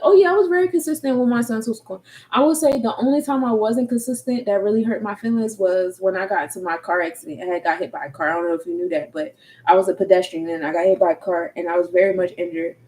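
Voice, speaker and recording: A woman's voice: medium pitch, dark tone, poor audio. A woman in her thirties with a Philadelphia accent, talking candidly and casually in slang, cursing freely as a tarot reader and energy coach. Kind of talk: casual livestream talk.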